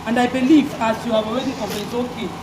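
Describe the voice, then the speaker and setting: A woman's voice: on the high side, fairly even intonation, fast. A woman host with a Nigerian accent, speaking in a soothing, reassuring way. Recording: loud street noise with traffic.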